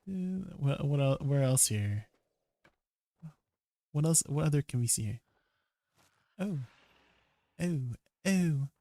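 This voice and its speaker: Young male streamer, casual and giggly, unhurried delivery, a bit higher pitched, light noise underneath. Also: lively intonation, gravelly, dark tone, no echo. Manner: giggly, chatting with viewers while gaming. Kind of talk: casual live-stream chat. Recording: faint background noise.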